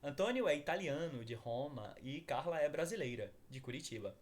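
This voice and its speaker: A man's voice: on the high side, animated, fast talker. A man teaching a beginners' language lesson, upbeat, calling his viewers guys and asking them to repeat after him.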